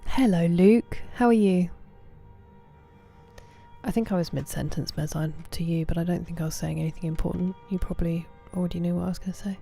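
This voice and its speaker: A woman, casually chatting with viewers on a game stream, thanking them by name and sometimes dropping to soft murmurs. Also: lowish voice, brisk, gravelly, soft background music. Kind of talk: casual livestream chat.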